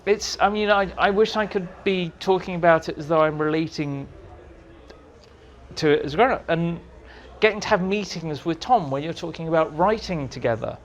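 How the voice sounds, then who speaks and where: A man, a writer being interviewed at a fan society, telling lively anecdotes and mimicking people in squeaky voices. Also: moderate pace, dull audio. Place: room at a fan society meeting.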